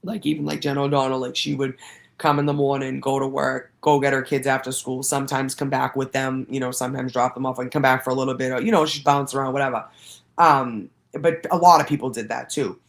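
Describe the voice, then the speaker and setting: A woman's voice: a bass voice, fairly even intonation, fairly quick, creaky. A woman hosts her own livestream show and tells a long, casual story. She rambles, swears freely and breaks into laughter often.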